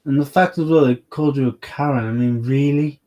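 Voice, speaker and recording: A man's voice: mid-range voice, steady tone, brisk, warm tone, lo-fi sound, slight background noise. A man hosting a casual livestream chat, laid-back and easygoing. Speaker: livestream host.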